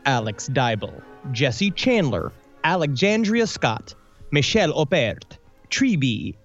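Lively, giggly male podcast co-host. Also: fairly high pitch, takes it slowly, dull audio, faint music behind. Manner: crude, giggly jokes. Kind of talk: reading supporter names with banter.

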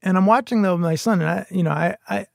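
A middle-aged man talking in a casual podcast conversation, earnest and halting, with frequent restarts. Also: high-pitched, creaky, no room sound, clean studio sound. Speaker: podcast guest.

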